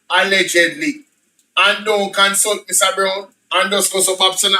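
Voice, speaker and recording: A man's voice: high-pitched, lively intonation, measured pace, sharp tone, rough recording. A man with a Jamaican accent reads a report aloud as a political commentator, switching between formal reading and patois asides and repeating phrases for emphasis.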